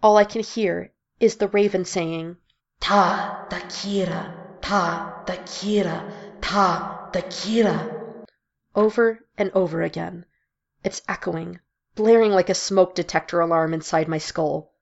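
A woman's voice: on the low side, moderate pace, creaky, a little mellow, muffled recording. A woman voicing an anxious young woman worn down by recurring nightmares, in a storybook reading.

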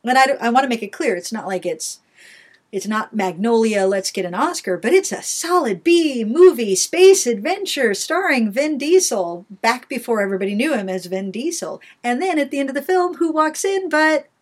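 A woman's voice: a little high, normal speed. A woman co-hosting a casual chat show, telling stories with lots of energy and frequent laughter. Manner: animated storyteller, laughs often. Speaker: podcast co-host.

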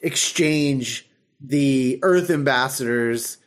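A man hosting a podcast, retelling an episode in casual chat, animated and full of fillers and laughter. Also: medium pitch, drawn-out words. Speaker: podcast host.

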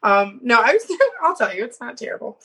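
A woman's voice: fairly high pitch, big pitch swings, a little fast, bright, forceful tone, slight background noise, low-quality recording. A woman in her thirties, co-hosting a casual chat, retelling a story about messages with lots of laughter and fillers. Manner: giggly, reads messages aloud with frequent fillers.

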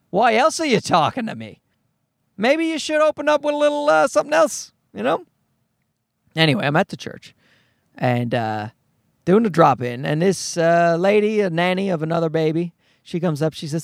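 A man rants in an exasperated, profane comedic monologue about his toddler son. His voice is high and gravelly, and his pitch swings widely. The sound is close and dry. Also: big pitch swings, moderate pace, no room sound. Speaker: father of a toddler.

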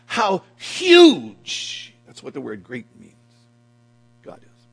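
Gravelly, husky man preaching dramatically. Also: mid-range voice, moderate pace, poor audio. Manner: dramatic, swings from quiet talk to loud cries. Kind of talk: sermon. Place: church hall at a men's breakfast.

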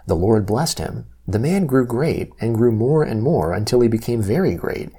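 A man reading scripture aloud at a measured, steady pace. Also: medium pitch, breathy edge. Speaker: scripture reader.

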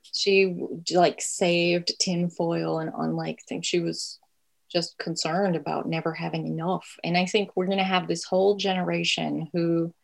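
Woman in her forties, author guest, low gravelly voice, reflective. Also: flat delivery, unhurried, rough recording. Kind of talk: podcast interview.

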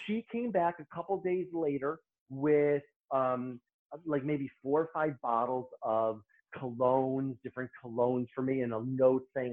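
A middle-aged man, a hairstylist guest, telling lively anecdotes in casual podcast chat and acting out the lines people said. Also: medium pitch, a little slow. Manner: lively anecdote-teller who acts out quoted lines. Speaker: hairstylist and beauty-industry guest. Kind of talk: casual storytelling in a podcast interview. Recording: tinny phone-line audio.

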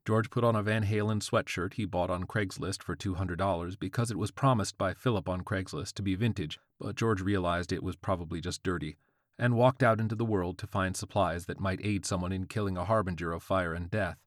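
A very low-voiced man reading a short story aloud with wry, deadpan timing. The recording is close and completely dry, with no room around him. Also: fairly quick, no room sound. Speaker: narrator. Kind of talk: scripted audiobook narration.

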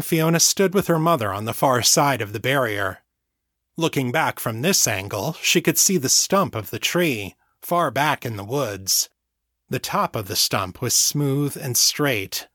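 A man narrating a novel chapter in a steady, measured reading voice. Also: mid-range voice, no echo, clean studio sound. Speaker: audiobook narrator. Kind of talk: scripted narration.

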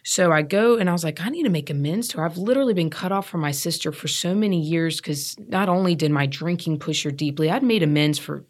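A woman's voice: low voice, brisk, few pauses. A woman in her thirties, a guest telling her recovery story in an earnest, emphatic way, often repeating herself to stress a point. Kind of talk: candid personal storytelling.

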